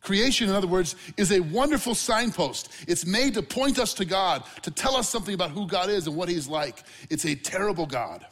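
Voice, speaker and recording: Male pastor, fairly high-pitched, lively preaching style, long church reverb. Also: brisk, few pauses. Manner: animated, conversational preaching with asides to the congregation. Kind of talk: sermon.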